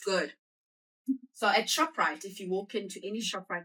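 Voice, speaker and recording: A South African woman talks to a live audience in a loose, chatty presentation, pulling the room in with quick back-and-forth questions. Her voice is bright and forward, caught from a step back from the microphone. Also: mid-range voice, distant mic. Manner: chatty, uses call-and-response with the audience. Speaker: guest speaker. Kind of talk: conversational presentation.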